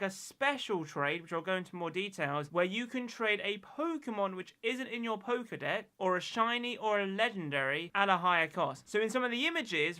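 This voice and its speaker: A young man talking casually to the camera as a gaming YouTuber, chatty and excitable, with lots of fillers. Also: high-pitched, smooth.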